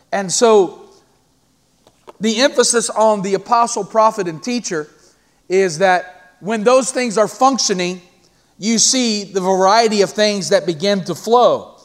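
A male pastor preaching a sermon in church, often halting and repeating words, then rising into emphatic preaching. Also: high-pitched.

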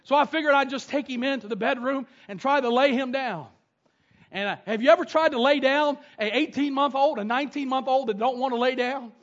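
A man, preaching a sermon with animated, homespun storytelling. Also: extremely high pitch, fairly quick. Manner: animated storytelling with down-home grammar. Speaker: pastor. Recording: dull lo-fi sound.

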